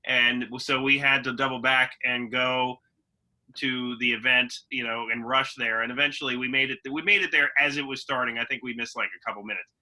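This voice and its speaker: Very bright-voiced easygoing man. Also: mid-range voice, steady tone, fairly quick, poor audio. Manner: easygoing, with fillers and restarts. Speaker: podcast co-host. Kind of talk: casual chat.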